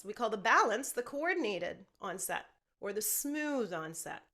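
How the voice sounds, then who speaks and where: A woman's voice: medium pitch, big pitch swings, a little slow, sharp tone. A woman voice teacher leading a group singing lesson, explaining technique and often checking in with "okay?". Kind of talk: singing lesson with sung demonstrations.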